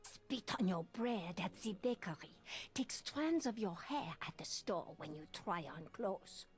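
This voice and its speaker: An actress playing a fearful, secretive elderly Creole woman in a mystery game, with a French-tinged Creole English accent and a breathy voice that drops to whispers. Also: medium pitch, animated, unhurried, faint music behind, natural voice. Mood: confiding.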